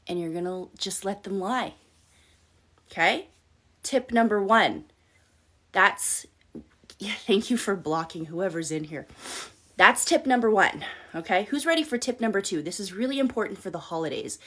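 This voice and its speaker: A woman coaching her audience live in a medium-pitched voice, frank and unfiltered, swearing casually as she lays out tips. She keeps checking in with her listeners between points, direct and conversational. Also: lively intonation, normal speed, long pauses, sharp tone. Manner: blunt, profane, direct coaching tone; addresses listeners with frequent "okay?" check-ins. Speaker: life coach and host. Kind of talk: live-stream advice talk.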